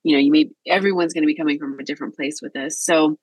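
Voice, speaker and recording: Husky, reflective podcast co-host. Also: medium pitch, fairly even intonation, fast talker, no room sound, poor audio. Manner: reflective, thoughtful, hedging. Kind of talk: casual podcast talk.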